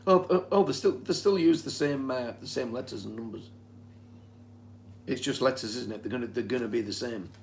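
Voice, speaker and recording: A man's voice: medium pitch, fairly quick, vocal fry, darkish tone. A man from Britain in casual chat, reading back notes from a session in a conversational way. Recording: faint background noise.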